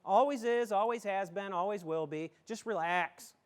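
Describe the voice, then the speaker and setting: Here the same kind of folksy, joking community talk comes from a middle-aged school superintendent hailing from the southern tier of western New York. He speaks emphatically at a normal speed, his pitch high.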